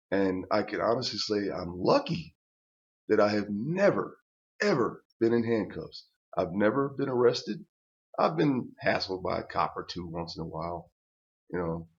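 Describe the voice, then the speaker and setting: An older man telling a personal story to camera in a rambling, profane rant full of restarts. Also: low voice. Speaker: channel host. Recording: dull lo-fi recording.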